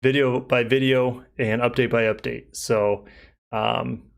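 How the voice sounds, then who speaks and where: A man's voice: medium pitch, flat delivery, takes it slowly, vocal fry. A young man hosting a casual live stream as a car reviewer, rambling easily through viewer comments with many fillers. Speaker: car reviewer and channel host.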